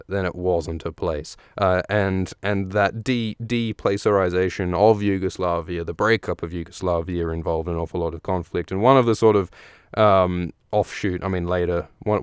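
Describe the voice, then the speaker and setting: A man's voice: deep voice, fairly even intonation, moderate pace, smooth, no room sound, clean studio sound. A man hosting a podcast, casually talking through a book chapter on a live stream, rambling and analytical with lots of filler sounds and restarts. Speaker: podcast host.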